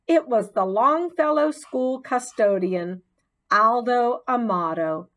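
A woman narrating a children's storybook in an expressive, gently dramatic way. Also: on the high side, slow pace, poor audio. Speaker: audiobook narrator.

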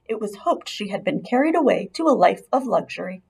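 A woman narrating a children's storybook aloud as an expressive, lively storyteller. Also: medium pitch, brisk, creaky, husky. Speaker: audiobook reader.

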